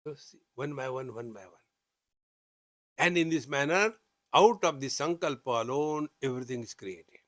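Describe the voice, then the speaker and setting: A man's voice: medium pitch, normal speed, fairly bright tone, no echo, studio quality. A man with an Indian English accent teaching scripture, chanting Sanskrit verses and explaining them with humor. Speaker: spiritual teacher. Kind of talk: scripture discourse.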